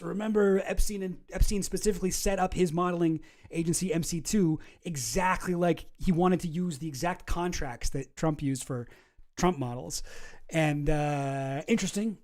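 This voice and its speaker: Sarcastic guy streaming, mellow voice, riffs loose and fast. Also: fairly high pitch. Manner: sarcastic, wry. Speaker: online commentary host. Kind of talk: casual commentary reading documents.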